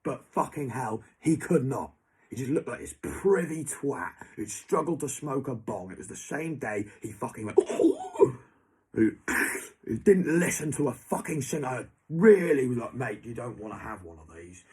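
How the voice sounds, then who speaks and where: A man's voice: mid-range voice, expressive, moderate pace, darkish tone, husky. A young man, ranting angrily to someone who is not there. He swears heavily and keeps repeating that person's name. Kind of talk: angry monologue to an absent person.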